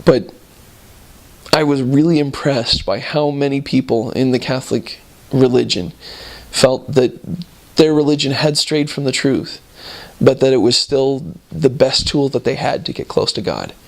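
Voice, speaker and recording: Relaxed man recalling mission life. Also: medium pitch, unhurried, gravelly. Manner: relaxed, rambling, chuckling between points. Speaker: returned missionary. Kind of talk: casual storytelling about mission life.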